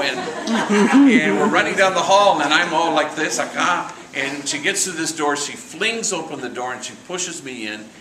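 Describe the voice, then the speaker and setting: Man telling a story in an echoey room. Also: a little high. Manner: relaxed storyteller, sprinkles Spanish slang, acts out quoted voices. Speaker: priest giving a morning reflection. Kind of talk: storytelling reflection at a morning meeting. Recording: echoey room, from far off, noisy.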